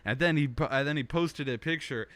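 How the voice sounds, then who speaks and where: In a small home studio, a young man with a brisk, fairly bright, higher-side voice hosts his own web show into a studio microphone. He rambles through a joking, self-deprecating monologue, restarting often.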